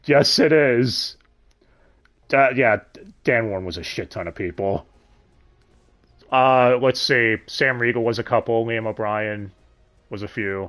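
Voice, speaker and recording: A man hosting a casual livestream chat, animated, swearing freely and laughing often. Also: fairly low pitch, a little slow, pauses often. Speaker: podcast host.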